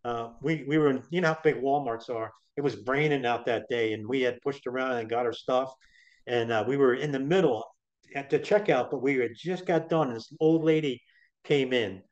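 A middle-aged man appears as an interview guest, recounting his story casually and chattily, rambling and restarting often. His voice is mid-range at normal speed, on a dull lo-fi recording.

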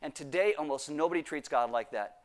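A pastor preaching a sermon, reading scripture and acting out quoted prayers with sudden bursts of emphasis. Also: male voice, a little high, fairly quick.

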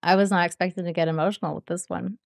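Low-voiced woman, halting and emotional. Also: fairly even intonation, vocal fry, no room sound, studio quality. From grew up poor. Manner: halting and emotional, many fillers and apologies. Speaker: reaction video creator. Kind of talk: casual reaction commentary.

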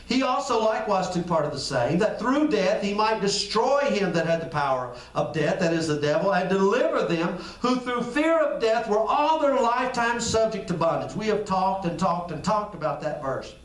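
With a high, expressive voice and hardly any pauses, a pastor preaches at a moderate pace. He keeps the sermon conversational, acting out dialogues and repeating phrases, while the echoey room and distant mic color the sound.

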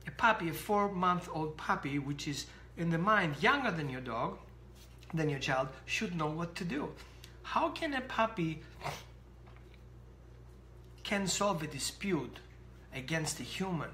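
A dog trainer giving an animated explanatory talk to camera, acting out little scenes. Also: mid-range voice, measured pace, long pauses, reverberant, a little hiss or hum.

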